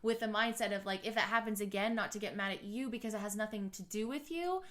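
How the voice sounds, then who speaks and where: A woman's voice: mid-range voice, fast talker, fairly bright tone. A woman in her thirties hosting a podcast, chatting candidly and swearing freely. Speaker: podcast host. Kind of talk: casual chat.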